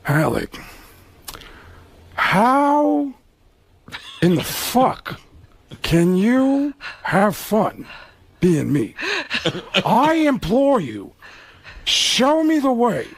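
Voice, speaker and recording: A man's voice: very high voice, very animated, very slow, gravelly, long pauses, a little hiss or hum, voice pushed up, heavily acted. A man impersonating a brooding veteran actor who talks in a menacing drawl with sudden bursts. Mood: sardonic. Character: brooding gravelly veteran actor, sardonic and miserable.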